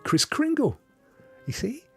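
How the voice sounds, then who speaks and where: A man's voice: very high voice, huge pitch swings, slow, vocal fry, a bit bright, slightly rough, soft background music. A man from Devon, hosting a casual livestream chat and rambling playfully with viewers. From Devon, England. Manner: rambling, playful, spins tall tales. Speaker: host.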